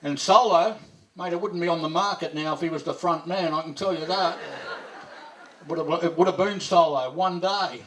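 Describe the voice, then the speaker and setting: A man's voice: a little high, normal speed, fairly bright tone, slight background noise. A man at a memorial gathering, speaking in a joking, casual, off-the-cuff way. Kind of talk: memorial speech. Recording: voice distant from the mic.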